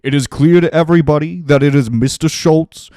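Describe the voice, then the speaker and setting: A man doing an impression of an elderly firebrand senator, speaking in a loud, emphatic, hectoring way. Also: on the high side, a little fast, no echo, studio quality, pitched above the performer's own voice, close to an everyday voice. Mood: indignant.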